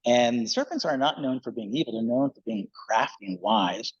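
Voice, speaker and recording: Male pastor, slightly husky, easygoing church sermon, dull lo-fi recording. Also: mid-range voice, normal speed. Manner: conversational, relaxed, with fillers.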